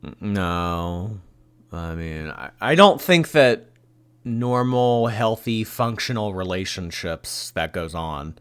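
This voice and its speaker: A man's voice: deep voice, expressive, takes it slowly, smooth. A man hosting a commentary show, reacting to video clips in a sarcastic, mocking way. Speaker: commentary channel host.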